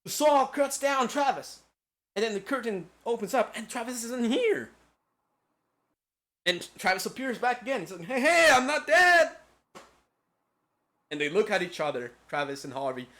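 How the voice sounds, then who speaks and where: A man's voice: sits high, fairly bright tone. A man streaming a casual lecture-style game recap, rambling and profane with lots of filler words.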